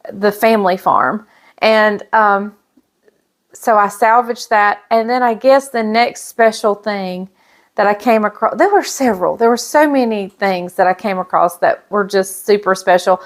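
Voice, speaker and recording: A middle-aged woman, chatting casually and emotionally as she shows off gifts in a vlog. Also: mid-range voice. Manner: gushing, emotional, chatty with fillers. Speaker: pastor's wife and vlogger. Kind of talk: casual show-and-tell chat.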